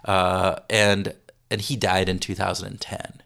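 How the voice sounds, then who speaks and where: A man being interviewed as a consultant, speaking in a halting way with many restarts and repeated words. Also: sits low, level tone, creaky, fairly bright tone. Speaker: consultant guest. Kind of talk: interview conversation.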